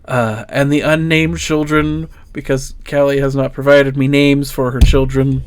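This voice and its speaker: Relaxed, rambling tabletop game master. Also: medium pitch, unhurried, clean tone, no room sound. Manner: relaxed, rambling, many fillers.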